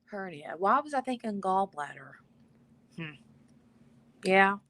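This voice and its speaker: A woman's voice: mid-range voice, expressive, takes it slowly, a bit bright. A woman hosting a casual live stream from her bedroom, chatting and reading viewer comments aloud. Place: bedroom at home.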